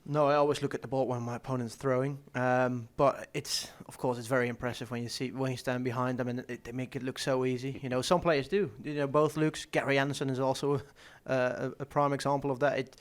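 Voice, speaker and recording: A man's voice: medium pitch, little pitch movement, brisk, hardly any pauses. A young man, a professional darts player, answering interview questions casually, restarting words and laughing often. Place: stadium media day.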